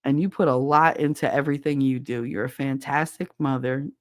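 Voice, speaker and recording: A woman's voice: extremely low pitch, steady tone, a little fast, no room sound, studio quality. A woman hosting a podcast, chatting casually with listeners, blunt and swearing freely. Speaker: podcast host reading listener chat. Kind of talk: casual chat.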